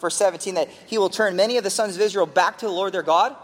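A man's voice: sits high, fast talker, long reverb tail. A man preaching an expository sermon as pastor, earnestly teaching through a passage and leaning hard on key words.

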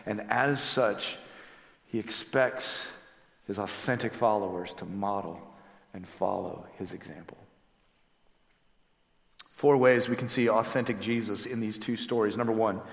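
A man's voice: on the low side, creaky. A middle-aged man preaching a sermon as a pastor, telling stories with emphatic delivery. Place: church sanctuary. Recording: echoey hall with long reverb.

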